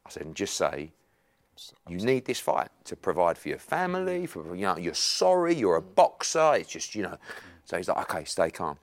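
Guy in his 40s telling a wild story, pitch all over the place, doing everyone's lines. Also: moderate pace. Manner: animated anecdote telling, acting out others' lines. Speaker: boxing promoter guest. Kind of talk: casual storytelling chat.

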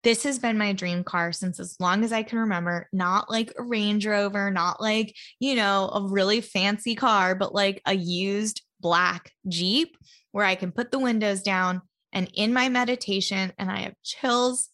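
Chatty heartfelt woman, mid-pitched. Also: steady tone, a little slow, fairly bright tone. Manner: chatty, heartfelt, spiritual, full of "like" fillers. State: emotional, near tears at times. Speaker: podcast host. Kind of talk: casual solo podcast monologue.

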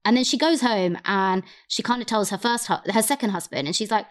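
A woman, telling a story in an animated, expressive way and swearing freely in casual chat. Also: mid-range voice, brisk.

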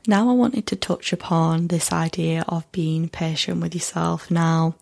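A woman hosting her own podcast, talking through a personal reflective monologue in an earnest, gentle way, with many "you know"s and "like"s. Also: fairly low pitch, steady tone, a little slow, gravelly. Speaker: podcast host.

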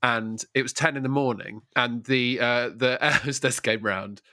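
A man's voice: mid-range voice, fairly even intonation, moderate pace, bright, forceful tone, dry recording. A man co-hosting a casual podcast chat, trading wry quips and easygoing travel stories.

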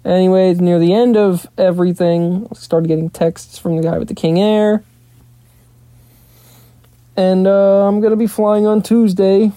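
Young solo podcaster spinning a loose, profane anecdote, with a warm low tone and a dry booth sound. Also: little pitch movement, a little slow, no room sound. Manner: rambling, profane, filler "blah, blah, blah". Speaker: podcast host and pilot in training. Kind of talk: casual solo storytelling monologue.

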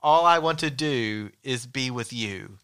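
A man's voice: mid-range voice, measured pace, fairly bright tone, clean tone, no echo. A man co-hosting a podcast, joking playfully and laughing often in casual banter. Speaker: podcast co-host.

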